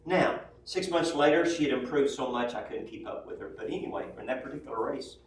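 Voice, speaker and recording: A man's voice: medium pitch, a little fast. A man lecturing a class in a chatty way, mixing personal anecdotes into the lesson and tagging his sentences with "right?" and "yes?". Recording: roomy, distant mic, faint room noise.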